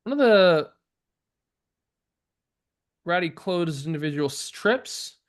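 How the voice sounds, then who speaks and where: A man narrating as game master of a tabletop game, halting and full of fillers. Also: a little high, lively intonation. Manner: halting, many fillers and restarts.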